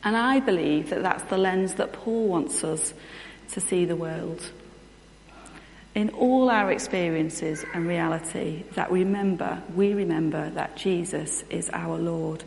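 A woman's voice: on the low side, unhurried, creaky, a little mellow, slight background noise. A woman in her thirties giving a sermon with personal testimony, in a candid, conversational storytelling manner. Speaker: preacher. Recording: echoey hall with long reverb.

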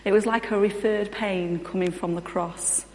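A woman's voice: medium pitch, fairly even intonation, moderate pace, a little mellow. A woman in her thirties giving a sermon with personal testimony, in a candid, conversational storytelling manner. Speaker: preacher. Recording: echoey hall with long reverb.

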